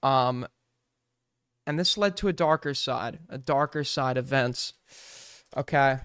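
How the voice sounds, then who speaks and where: A man's voice: medium pitch, unhurried, fairly bright tone, clean tone, no echo. A young man giving crude, sarcastic casual commentary as he reacts to clips, swearing freely. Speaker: streamer reacting to videos.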